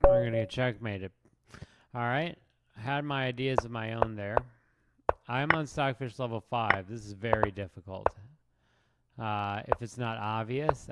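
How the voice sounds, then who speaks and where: A man streaming his chess games, commenting on the moves in a wry, rambling, self-mocking way. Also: medium pitch. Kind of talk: casual live game commentary. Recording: loud background noise.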